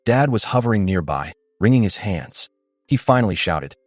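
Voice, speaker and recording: Low-voiced man narrating a family drama story. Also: very animated, normal speed, dry recording, studio quality, faint music behind. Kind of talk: scripted narration.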